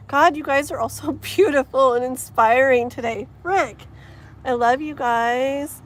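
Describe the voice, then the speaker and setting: A woman with a high voice speaks at a measured pace as she hosts an outdoor tarot livestream, slight background noise mixing with wind and traffic. Her casual chat is effusive and full of fillers as she reads comments aloud.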